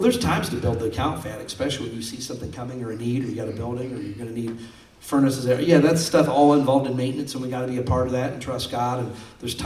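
A man's voice: mid-range voice, darkish tone. A male pastor preaching a sermon, telling stories in a folksy, conversational way. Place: church sanctuary. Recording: roomy sound from far off.

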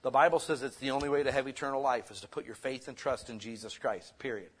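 Lively conversational preacher man. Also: medium pitch, fast, a little hiss or hum. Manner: lively, conversational preaching that swings from loud to soft. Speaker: pastor. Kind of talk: sermon.

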